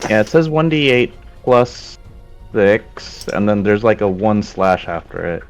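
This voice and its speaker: A lower-pitched man with a gravelly edge plays a tabletop game, pausing to ask how the rolls work. Soft music hums underneath. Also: expressive. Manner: unsure, asking how things work. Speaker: player. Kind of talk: playing a tabletop game over voice chat.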